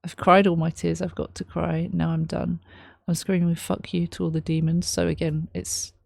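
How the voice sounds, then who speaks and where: A woman reacting to a song, reading lyrics aloud and explaining them in a thoughtful, halting way, with many ums. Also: lowish voice, level tone, gravelly, a little mellow, breathy edge, no room sound, studio quality. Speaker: music reaction host. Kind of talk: casual reaction commentary.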